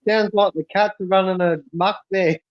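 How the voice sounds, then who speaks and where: A man's voice: high-pitched, steady tone, normal speed, dry recording. An easygoing man chatting as a guest on a livestream. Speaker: stream guest. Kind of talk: casual livestream chat. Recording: dull, dry lo-fi mic.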